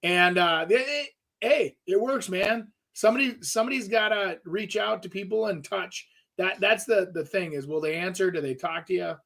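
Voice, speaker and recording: Middle-aged guy on real estate radio, kinda high voice, rambles and restarts a lot. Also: normal speed, creaky, a bit bright. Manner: rambling, restarts, lots of fillers. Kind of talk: casual talk radio chat.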